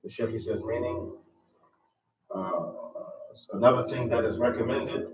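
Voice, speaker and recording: A man's voice: medium pitch, a little slow, pauses often. A man teaching a religious text, reading lines in Arabic and then explaining them in English, with frequent hesitations. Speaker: Islamic studies teacher. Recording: distant, echoey, dull and noisy.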